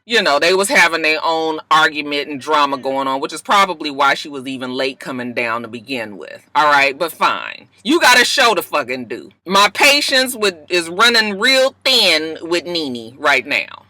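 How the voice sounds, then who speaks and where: Sassy lady ranting about reality tv, bright voice, dry close sound, lots of cussing. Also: low-pitched, normal speed, few pauses, dry recording. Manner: sassy, profane, animated storytelling. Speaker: reality TV recap vlogger. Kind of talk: casual reality show recap. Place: parked car.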